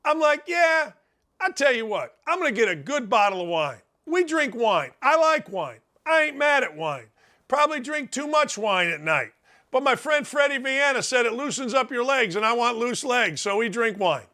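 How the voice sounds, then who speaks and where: A middle-aged man hosting a sports talk show, giving a brash, folksy, animated monologue and ribbing his listeners. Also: extremely high pitch, moderate pace. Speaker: sports radio host.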